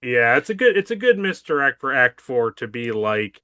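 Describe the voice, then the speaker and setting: A man co-hosting a podcast, chatting casually as he recaps a TV episode and acts out the characters' lines in quick impressions. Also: mid-range voice, very animated, pushed and bright, no echo. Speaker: podcast co-host.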